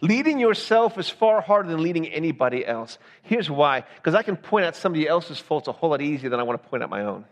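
A man with a fairly high voice preaches to his congregation in a chatty, conversational way. He keeps checking in with the listeners with "right?". His voice rings out in a long reverb from a large church hall. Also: big pitch swings, quick pace, hardly any pauses. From Southern United States. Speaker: pastor. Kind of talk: sermon.

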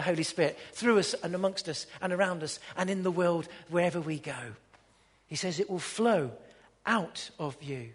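Husky-voiced preacher in a reverberant hall. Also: male voice, normal speed. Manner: impassioned preaching, swinging from loud peaks to hushed lows. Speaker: pastor. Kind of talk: sermon. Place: church.

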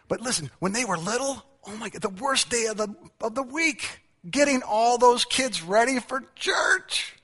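A man's voice: very high-pitched, lively intonation, normal speed, hardly any pauses, bright, forceful tone, slightly rough. A middle-aged man preaching a humorous sermon, telling family stories with acted-out quotes and self-mocking jokes. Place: large church hall. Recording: church hall with long reverb.

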